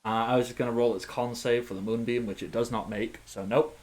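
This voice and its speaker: A man narrating as game master in a tabletop game, animated and playful, with sound effects. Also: medium pitch, brisk.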